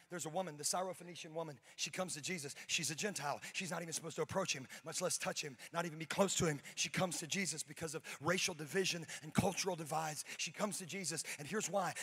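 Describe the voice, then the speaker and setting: A young adult man preaching a sermon, telling a story with lively energy and climbing to shouted peaks. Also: brisk, husky. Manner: animated storytelling, rising to shouted high-pitched peaks. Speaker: pastor.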